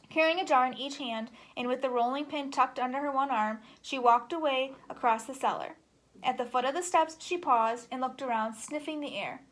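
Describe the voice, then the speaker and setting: A woman reading a children's book aloud in an animated, expressive way. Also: high-pitched, normal speed. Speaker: storybook reader.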